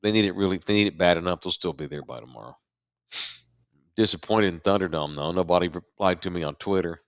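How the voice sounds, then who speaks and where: A middle-aged man, rambling easily through casual podcast chat. His voice sits low and sounds dry and close, with no room behind it. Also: fast, clean tone, no room sound. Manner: laid-back, rambling, chuckling. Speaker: podcast co-host.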